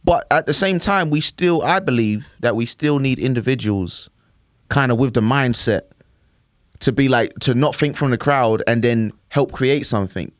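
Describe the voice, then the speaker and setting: Man, mid-pitched voice, rambling casual talk, dry close sound, podcast co-host. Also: moderate pace, dry recording. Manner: rambling, fills with "do you know what I mean". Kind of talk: casual chat.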